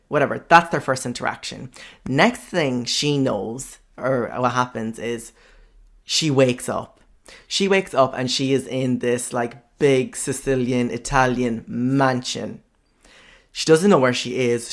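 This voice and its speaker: A man's voice: medium pitch, gravelly. Male podcast host; loose, frank, filler-heavy chat. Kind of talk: casual podcast monologue.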